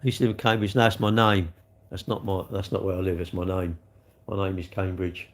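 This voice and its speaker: A man's voice: sits low, level tone, fairly quick. A man chatting casually on a live stream, answering his viewers in a rambling, sarcastic way with lots of tag questions.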